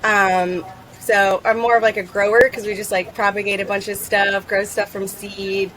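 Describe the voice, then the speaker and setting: A woman's voice: mid-range voice, level tone, normal speed, fairly bright tone, slight background noise, poor audio. A woman in her thirties from North Carolina, chatting casually and laughing often as a guest. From Charlotte, North Carolina. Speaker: guest, plant grower. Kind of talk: casual chat.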